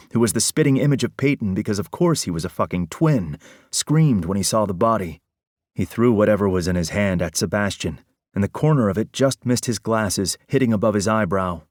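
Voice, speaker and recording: Low-voiced male audiobook narrator. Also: no room sound, clean studio sound. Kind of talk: scripted narration.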